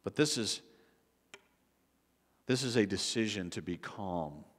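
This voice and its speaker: A man's voice: fairly low pitch, lively intonation, slow pace. A man preaching a sermon as pastor, in a conversational style with frequent restarts. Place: church sanctuary. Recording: long church hall reverb.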